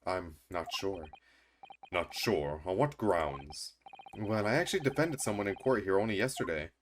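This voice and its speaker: A man voicing an earnest young male lawyer, soft and hesitant. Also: deep voice, expressive, normal speed, slight background noise, voice pushed down.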